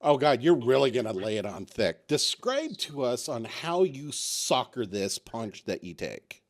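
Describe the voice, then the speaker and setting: A man's voice: medium pitch, sing-song, a little slow. A man running a tabletop role-playing game as game master, calling for rolls and describing scenes playfully.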